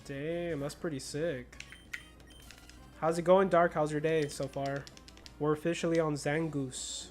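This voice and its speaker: A man's voice: on the high side, steady tone, unhurried, long pauses, a little mellow, soft background music. A young American man with a slight Spanish-influenced accent, chatting casually and laughing while streaming a game. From United States. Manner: laid-back, slangy, laughs often. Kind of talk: casual chat while gaming.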